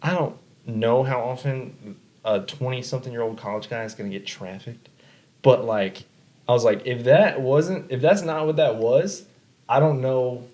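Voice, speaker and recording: A young man hosting a podcast, telling a story in casual chat, animated, repeating himself and swearing. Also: medium pitch, moderate pace, low-quality recording. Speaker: podcast host.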